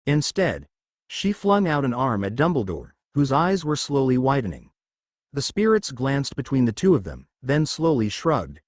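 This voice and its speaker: Expressive male storyteller. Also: mid-range voice, moderate pace, no echo, studio quality. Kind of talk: fan fiction read aloud.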